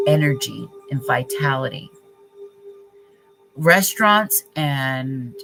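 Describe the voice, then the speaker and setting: A woman's voice: low voice, low-quality recording. A woman giving a live tarot reading, speaking passionately and voicing the client's feelings in the first person, with occasional swearing. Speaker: tarot reader. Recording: singing bowl music behind the voice. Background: singing bowl music.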